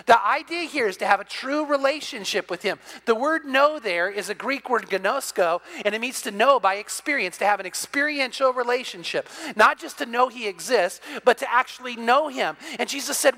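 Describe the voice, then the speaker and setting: Guy preaching a sermon, really high pitched and bright, acts out little back-and-forth scenes. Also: brisk, hardly any pauses. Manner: animated preaching, acting out dialogue. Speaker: pastor.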